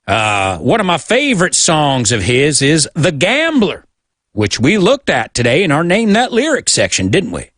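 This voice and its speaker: A man's voice: fairly high pitch, huge pitch swings, normal speed, fairly bright tone, no echo. An American man hosting a radio show that teaches English, chatting in a jokey way and switching between English and Spanish. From United States.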